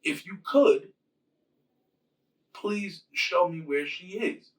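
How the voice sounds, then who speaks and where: A man's voice: high voice, animated, extremely slow, recorded from a distance, heavily acted, poor audio. A man voicing a solemn male thunder god who speaks formally and with command.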